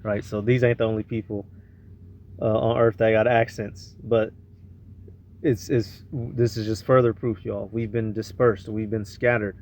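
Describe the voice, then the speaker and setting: A man's voice: on the low side, flat delivery, a little slow, darkish tone, a little hiss or hum. A man hosting a reaction show, commenting on clips in casual slang and drifting into preaching.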